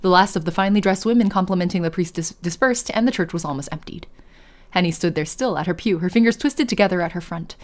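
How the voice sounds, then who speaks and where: A woman's voice: lowish voice, fast. A young woman streamer narrating a visual novel and chatting with her viewers, laughing often. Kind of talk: let's play narration and chat.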